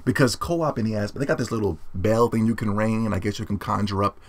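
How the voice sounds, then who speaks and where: A young man ranting about video games as a YouTuber, brash, boastful and profane, swinging between loud yelling and low muttering. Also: fast. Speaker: gaming YouTuber.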